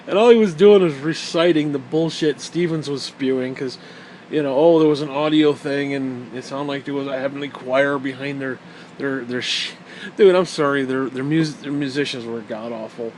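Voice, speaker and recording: A man's voice: mid-range voice, fairly even intonation, normal speed, a little mellow, a little hiss or hum. A young man telling stories in a casual, rambling rant, swearing a lot, mocking and laughing as he goes. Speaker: storyteller. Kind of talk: casual ranting storytelling.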